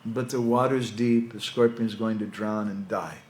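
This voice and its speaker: A man's voice: fairly low pitch, steady tone, moderate pace, darkish tone, a little hiss or hum. A man giving a conversational spiritual talk to young people, telling stories with casual asides. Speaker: monk lecturer. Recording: echoey hall with faint ambience.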